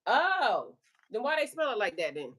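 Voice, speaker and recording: A woman with a slightly high voice chats with her livestream viewers, loose and playful. She talks in a relaxed, slangy way and breaks into laughter often as she answers comments. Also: normal speed. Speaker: spiritual life coach and channel host. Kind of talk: casual livestream chat with viewers.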